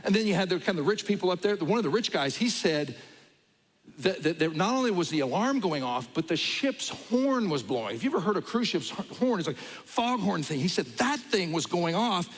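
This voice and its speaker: Animated male preacher telling a story. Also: high-pitched, brisk, slightly rough, big-room sound, poor audio. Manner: animated storyteller, acts out voices. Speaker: pastor. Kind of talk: storytelling sermon.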